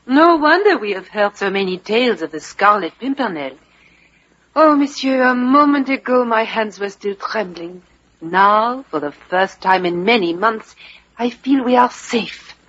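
An actress playing an emotional young daughter in a vintage radio drama. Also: female voice, medium pitch, lively intonation, unhurried, a bit bright, dull audio. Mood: relieved. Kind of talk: 1930s radio drama acting.

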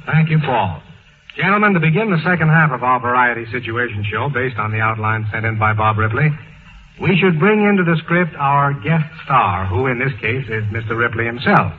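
A man's voice: medium pitch, expressive, normal speed, narrow, tinny audio, slight background noise. A man moderating a comedy writers' panel in a dry, wry way on an old radio broadcast.

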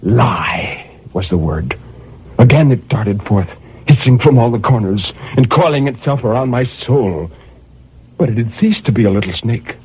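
Radio drama lead: a husky, unhinged killer pacing his cell, on a dull, muffled old broadcast recording. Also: medium pitch, lively intonation, unhurried. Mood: brooding. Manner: swings between manic laughter and brooding menace. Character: tormented male murderer raving in his cell.

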